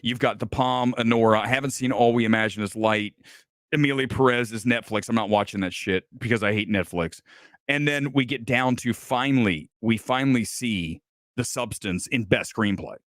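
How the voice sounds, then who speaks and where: A man's voice: medium pitch, normal speed, fairly bright tone, dry recording, studio quality. A man hosting a live movie talk show, ranting angrily and sarcastically with lots of swearing. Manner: angry, profane, sarcastic ranting; mocking put-on accent in quotes. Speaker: host. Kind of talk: heated movie rant, live stream.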